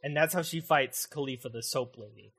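A man hosting a casual podcast, recapping an anime in an animated, excitable way and swearing constantly. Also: mid-range voice, a little fast, breathy edge. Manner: animated, heavily profane, excitable. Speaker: podcast host.

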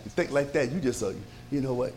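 A pastor preaching to his congregation in a lively, conversational way, with many rhetorical questions and frequent chuckles. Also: mid-range voice, fast, a crowd in the background. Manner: chuckles often. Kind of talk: sermon.

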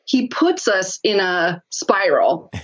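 A woman guest telling a lively story in a casual interview, laughing often as she talks. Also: medium pitch, slow, lo-fi sound.

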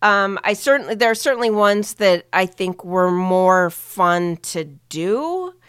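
Woman podcast co-host, casual and relaxed, clear voice. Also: mid-range voice, measured pace, no room sound, studio quality. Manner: relaxed, thanks listeners, hesitant fillers.

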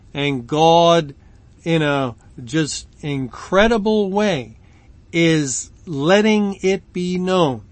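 A man leading an evening Bible study, talking slowly and deliberately. His voice sits a little high for a man. He pauses often and fills gaps with ums. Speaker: Bible teacher.

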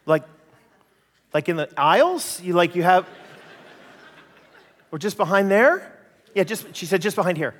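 A Canadian man preaching a sermon, an animated storyteller who acts out voices and jokes at his own expense. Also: sits high, a little slow, long pauses, big-room sound. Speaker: pastor.

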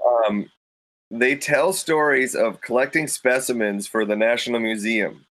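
Slightly slow and fairly bright, a man's mid-range voice tells a hunting story on a podcast in easygoing conversation. He dramatizes quoted thoughts with a raised voice into the studio microphone, and the recording is dry and rough.

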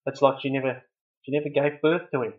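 A man's voice: mid-range voice, little pitch movement, fast talker. Loose stammering male guest, lo-fi. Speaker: podcast guest. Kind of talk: casual comedy chat.

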